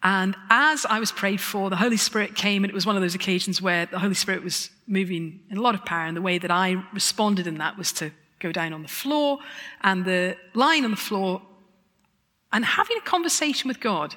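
A woman giving a lively, self-mocking testimony talk, with chuckling asides. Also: mid-range voice, brisk. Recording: long hall reverb.

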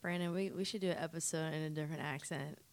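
A woman co-hosting a podcast, eager and excitable, firing off questions. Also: sits low, fast talker, slight background noise. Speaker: podcast co-host. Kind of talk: casual chat.

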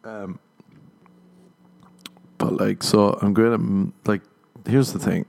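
A man with an Irish accent riffs through a comedic podcast monologue. His voice sits fairly low, and his delivery is dry and self-mocking, broken up by frequent laughs. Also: fairly even intonation, takes it slowly, vocal fry, a little mellow. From Ireland. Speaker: podcast host.

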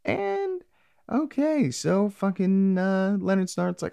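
A man's voice: sits high, very animated, slow, vocal fry, darkish tone, no room sound. A man casually recapping a TV episode, rambling and profane, with sarcastic asides.

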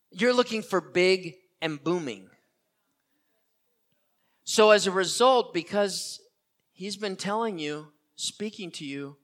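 A man's voice: fairly high pitch, a bit bright. An older man preaching a sermon as pastor, earnest and repeating key phrases for emphasis.

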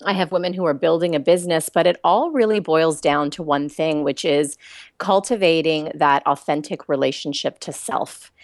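A chatty woman with a Canadian accent, talking as a guest in a relaxed interview. Her voice sits a little low for a woman, and she laughs easily and rambles with fillers. The sound is dry and close, with no room around it. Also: normal speed, dry recording. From Toronto, Canada. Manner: chatty and warm, laughs often, many fillers. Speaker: guest, life coach. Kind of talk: casual interview chat.

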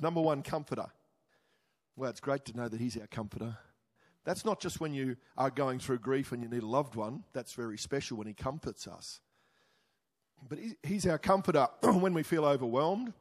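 A man preaching a sermon as pastor, emphatic, rising to exclamations and then dropping low and intimate. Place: church hall. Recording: reverberant church hall.

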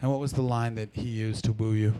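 A man's voice: fairly low pitch, steady tone, fast, warm tone, smooth. A man from Canada doing stand-up crowd work, brash and profane as he teases the audience. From Ottawa Valley, Canada. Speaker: stand-up comedian.

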